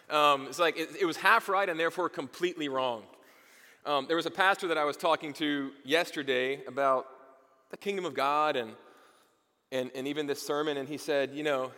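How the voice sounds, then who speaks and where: A man preaches a sermon in a relaxed, conversational way, restarting his sentences with repeated words. His voice is fairly high and bright, with a forceful edge. The sound rings with a long reverb, as in a church hall. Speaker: pastor.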